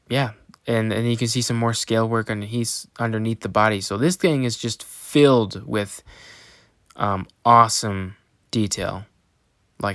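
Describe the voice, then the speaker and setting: Eager young man reviewing toys, smooth low voice. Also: a bit bright, dry recording, studio quality. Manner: enthusiastic, many ums and restarts. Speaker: toy reviewer, channel host. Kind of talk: casual review to camera.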